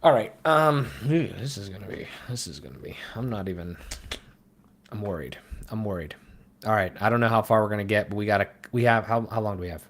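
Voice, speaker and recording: A man's voice: on the low side, quick pace, fairly bright tone. A young man on a live stream, talking to himself in a rambling, flustered, self-deprecating way as he builds a web page against the clock. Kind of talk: live-stream commentary while working.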